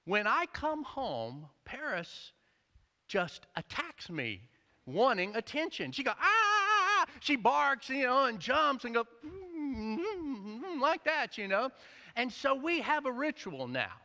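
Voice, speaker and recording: Animated pastor with a high, lively voice. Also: male voice, measured pace. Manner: animated, jokey storytelling. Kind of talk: sermon. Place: church sanctuary. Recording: echoey church hall.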